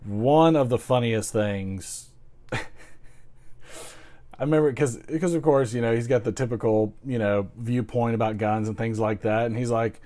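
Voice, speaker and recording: A man's voice: mid-range voice, a little slow, dark tone. A man hosting a casual pipe-smoking chat, rambling, laughing often and trying out comic voices. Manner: chatty, self-deprecating, laughs often, tries comic voices. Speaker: pipe-smoking video host.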